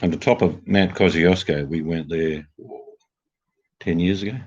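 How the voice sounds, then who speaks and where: Older Australian male host, casual storyteller; very low husky voice, dull lo-fi audio. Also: fairly even intonation, a little slow, a little mellow. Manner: chatty storyteller, jokey. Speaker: livestream host. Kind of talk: casual chat. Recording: dull lo-fi sound.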